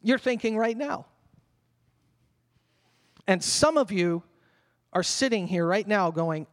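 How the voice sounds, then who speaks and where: An older man, a pastor, delivering an animated sermon that drops at times to a murmured prayer. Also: high voice, slow, long pauses. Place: church hall. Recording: long reverb of a church hall.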